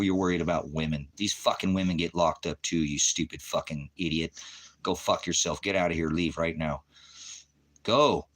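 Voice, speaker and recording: Profane, combative low-voiced man. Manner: profane, combative, berating commenters; repetitive, shifting between shouting and muttering. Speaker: online preacher. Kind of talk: livestream rant at chat.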